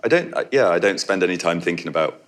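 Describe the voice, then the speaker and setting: A man with a Yorkshire accent and a notably low voice talks through a festival Q&A. He tells stories with lively, chatty energy and laughs often. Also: fast talker. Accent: Yorkshire English. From Yorkshire, England. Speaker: film director, festival guest. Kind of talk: festival Q&A talk.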